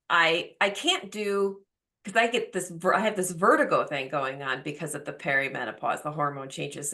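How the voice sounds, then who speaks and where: Forties woman hosting a podcast, chatty and open, bright voice, kinda low. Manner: open, chatty, full of fillers. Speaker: podcast host. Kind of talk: casual chat.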